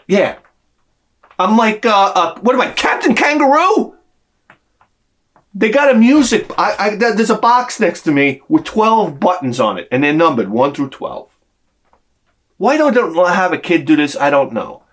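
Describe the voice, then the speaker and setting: A man telling a personal story in an animated way, swearing freely and acting out the people in it. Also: high-pitched, measured pace, long pauses. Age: adult with a young son. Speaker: video creator.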